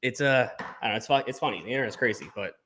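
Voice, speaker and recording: Male podcast host, rapid-fire delivery, sarcastic and profane, casual. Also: medium pitch, bright, forceful tone, slight background noise.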